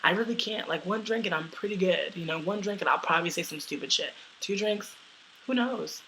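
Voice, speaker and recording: Young woman from the US, loud and brash, profane casual storytelling, bright forceful voice, faint hiss behind. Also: lowish voice, fast talker, rough recording. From United States.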